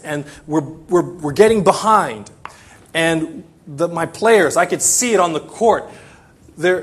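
Middle-aged male pastor, slightly high husky voice, lively sermon delivery. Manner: animated, emphatic, repeats phrases.

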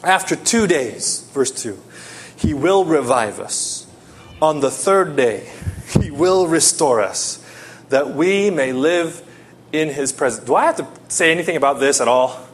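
A man preaching a sermon, telling a personal story and swinging between loud pleading and hushed tones. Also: a little high, expressive, a little slow, a little hiss or hum.

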